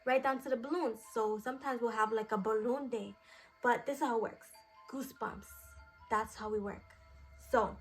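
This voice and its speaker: Woman, fairly high voice, rambling, filler-heavy, in-character mystic teacher, improvised class. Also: fairly even intonation, normal speed, faint music behind. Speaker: self-styled psychic priestess teaching a magic class. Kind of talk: improvised role-play class.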